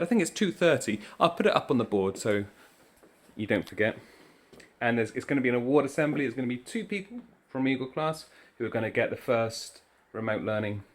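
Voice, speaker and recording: Man, primary teacher; encouraging, chatty delivery, slightly breathless from walking around a school, recorded on a phone. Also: lowish voice. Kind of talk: recorded remote lesson instructions. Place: indoors in a school, walking between rooms.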